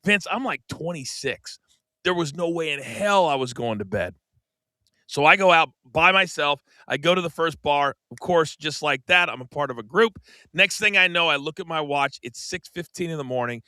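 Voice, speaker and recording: A middle-aged American man with a very bright, forceful voice on the high side tells a story to his co-host at normal speed. He's an animated podcast storyteller who acts out other people's lines, swinging between hushed asides and loud bursts. The studio sound is close and dry.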